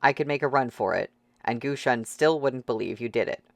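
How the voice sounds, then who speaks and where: A man voicing a calm, cold outlaw who speaks low and quiet, in an audiobook reading. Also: fairly quick, vocal fry, no echo, close to an everyday voice.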